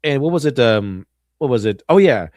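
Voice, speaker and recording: A man's voice: medium pitch, lively intonation, normal speed, darkish tone, no room sound, studio quality. A man hosting a stream, rambling through casual film commentary in a sarcastic tone, full of fillers and restarts. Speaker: stream host.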